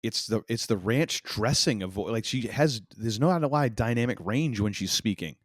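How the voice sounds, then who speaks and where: A man's voice: lowish voice, expressive, normal speed, dry recording, clean studio sound. A man co-hosting a podcast, chatting casually about wrestling, rambling with lots of restarts and laughs. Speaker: podcast co-host.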